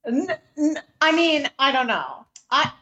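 A woman co-hosting a casual chat, critiquing a piece of writing, who often clears her throat and thinks aloud with ums. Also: sits high, very animated, unhurried, bright, forceful tone, muffled recording. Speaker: podcast co-host critiquing writing.

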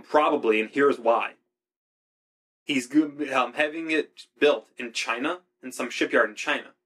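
A man talking in a loose, casual chat, his voice sitting at an ordinary middle pitch. He is laid-back, drops swear words freely and leans on fillers like "you know" and "like". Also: fairly bright tone.

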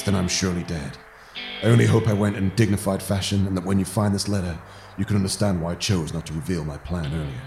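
A man voicing a dead cowboy's measured farewell letter in a comic game role-play. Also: low voice, gravelly, pitched below the performer's own voice. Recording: roomy reverb with guitar music.

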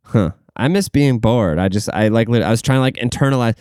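A man's voice: mid-range voice, fairly quick, a little mellow, clean tone, no room sound, clean studio sound. A young man hosting a podcast, rambling and swearing through casual stories, laughing at himself and saying he is tired. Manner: rambling, profane, laughs at his own stories. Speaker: podcast host.

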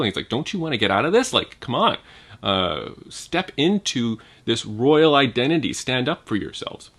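A man's voice: fairly low pitch, fairly bright tone. A man giving an informal Bible teaching, thinking aloud with restarts and asking his listeners "right?".

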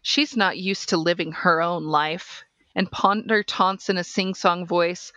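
A woman podcast host reading a case transcript aloud in a measured, deliberate way. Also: fairly low pitch, steady tone, fairly bright tone, no room sound, muffled recording.

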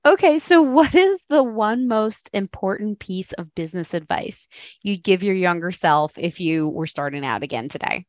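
A woman hosting a podcast, asking questions in a quick, upbeat way. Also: medium pitch, animated, dry recording. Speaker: podcast host. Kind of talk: interview questions.

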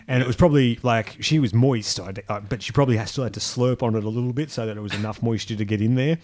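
A man's voice: medium pitch, quick pace, darkish tone. A man co-hosting a podcast, giving dry, graphic commentary on a clip with short laughs. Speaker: podcast co-host. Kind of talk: casual reaction chat.

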